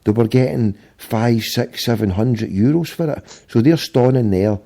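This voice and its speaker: A man's voice: medium pitch, a little slow, vocal fry, dark tone. A middle-aged Scottish man telling a long, rambling anecdote in casual podcast chat, swearing freely and acting out the quotes. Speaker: podcast host.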